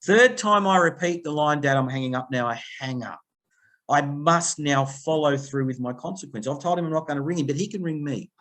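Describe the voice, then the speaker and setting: An Australian man in middle age with a fairly high-set voice, speaking as a guest on a podcast. He tells stories with animation, slips into quoted voices and lays out advice in a plain conversational way. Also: normal speed. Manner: animated storytelling, acting out phone quotes. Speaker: guest, people-pleasing coach.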